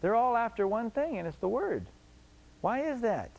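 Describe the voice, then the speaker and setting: A man's voice: very high voice, sing-song, normal speed, gravelly, darkish tone, poor audio. A man preaching a sermon emphatically, repeating his points and asking the congregation rhetorical questions.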